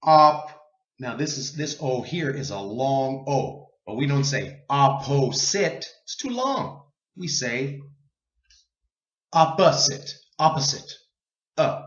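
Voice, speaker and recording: A man teaching an English pronunciation lesson, slow and deliberate, drawing out sounds for learners to repeat. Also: mid-range voice, big pitch swings, a bit bright, reverberant, lo-fi sound.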